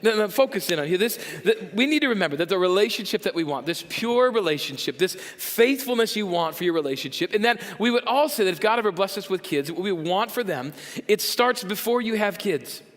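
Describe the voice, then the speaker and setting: A man preaching a sermon as pastor, animated and jokey, acting out the voices of people in his congregation. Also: high-pitched, fairly quick, long reverb tail. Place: church sanctuary.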